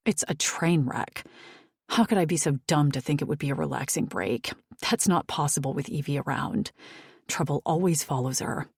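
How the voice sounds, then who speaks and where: Casting: a blunt, exasperated woman doctor read by a woman narrator, low and husky, dry close audiobook sound. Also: normal speed, dry recording, heavily acted. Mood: frustrated. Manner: frustrated, blunt.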